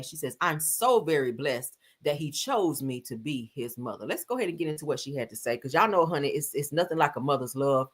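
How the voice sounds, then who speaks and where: Sassy, chatty woman with lively swings. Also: low voice. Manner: chatty, sassy, addresses viewers as y'all and honey. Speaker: celebrity gossip streamer. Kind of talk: casual chat.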